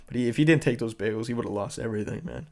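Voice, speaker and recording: A man's voice: mid-range voice, racing. Guy hosting his own podcast, cussing a ton, acting out a story he saw online. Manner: swears a lot, animated retelling. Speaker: podcast host. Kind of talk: casual solo commentary.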